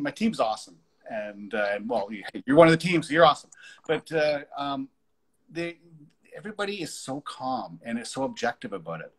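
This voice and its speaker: Man, husky voice, paranormal investigator, casual storytelling, laughs at own jokes. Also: medium pitch, a bit bright, low-quality recording. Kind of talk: casual conversation.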